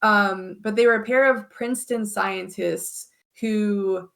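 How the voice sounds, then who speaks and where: Woman co-host: slow, gravelly, hesitant, laughing. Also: medium pitch, steady tone, fairly bright tone. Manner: hesitant, laughs often, many fillers. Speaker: podcast co-host. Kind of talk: casual chat.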